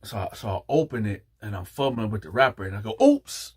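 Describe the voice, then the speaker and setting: A man's voice: lowish voice, quick pace, breathy edge. A man telling a story casually and animatedly, acting out the dialogue and talking straight to his listeners. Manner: animated, acts out dialogue, addresses listeners directly. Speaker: storyteller, channel host.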